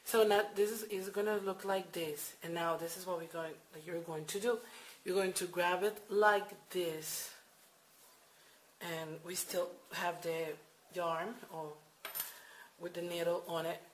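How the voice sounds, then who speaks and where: A woman with a low-leaning voice and fairly even intonation walks through crochet steps a little slowly in a casual tutorial recorded at home at night. She hesitates, uses plenty of fillers, and repeats her instructions, all on a rough recording.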